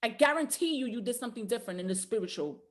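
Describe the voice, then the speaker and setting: A woman's voice: a little high, expressive, rapid-fire. A woman giving a motivational talk to a group call, preacher-like and exhorting, with repeated rallying lines. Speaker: motivational trainer.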